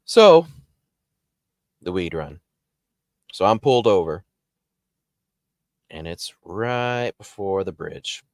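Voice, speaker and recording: A man casually telling a paranormal story as the show's host, animated and jumping up in pitch when he acts out quotes. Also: takes it slowly, pauses often, no room sound, studio quality. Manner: animated, jumps high when acting out quotes.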